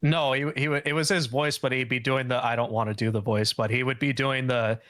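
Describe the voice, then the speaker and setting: A man's voice: mid-range voice, fairly even intonation, a little fast, fairly bright tone, no room sound. A man guest gossiping on a stream, blunt and rambling, swearing often. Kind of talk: casual gossip chat.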